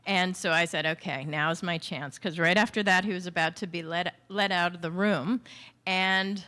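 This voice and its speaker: A woman's voice: on the low side, steady tone, moderate pace, bright, forceful tone, smooth. A woman speaking as an author, telling a story to an audience in a chatty way with many fillers.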